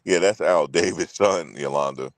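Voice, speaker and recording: A man's voice: extremely low pitch, moderate pace, no room sound. A man hosting a casual sports chat, loose and profane, repeating himself and talking straight to viewers. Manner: loose, profane, repetitive, talks to viewers directly. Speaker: sports show host.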